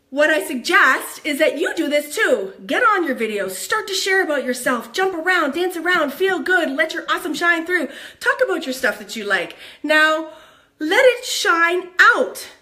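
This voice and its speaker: A woman giving a motivational vlog to camera as an online network marketing coach, bubbly and animated, openly excitable as she talks. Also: sits high, normal speed.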